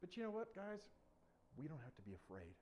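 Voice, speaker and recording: A young man telling a bible story to children in a playful, animated way, full of sound effects. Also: on the high side, a little fast. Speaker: children's ministry leader.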